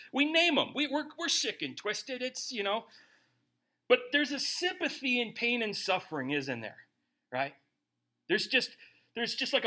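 A middle-aged male pastor preaches a sermon emphatically and with animation, frequently tagging his points with rhetorical asides to the congregation. His voice is high-pitched.

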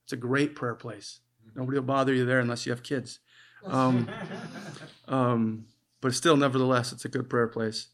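A male preacher delivers a sermon in a relaxed, conversational way. His pitch sits in a mid range, and he often stops and restarts his phrases. He talks with an earnest, personal tone. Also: normal speed.

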